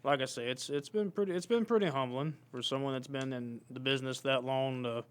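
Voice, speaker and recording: A man co-hosting a casual podcast, speaking in a measured, easygoing way with frequent filler pauses. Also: medium pitch, clear, resonant tone. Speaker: podcast co-host and indie wrestler. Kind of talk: casual chat.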